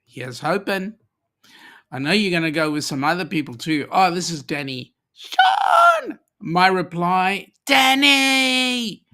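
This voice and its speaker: A man's voice: fairly high pitch, normal speed, bright, forceful tone. A middle-aged Australian man hosting a casual live-stream chat, joking and reading viewers' comments aloud. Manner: chatty, jokey, reads comments aloud.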